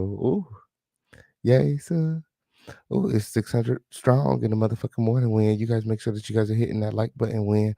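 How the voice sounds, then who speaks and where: A man's voice: medium pitch, gravelly, dark tone, no room sound, clean studio sound. A man hosting a live stream, reacting with sassy, profane commentary and asking viewers for support.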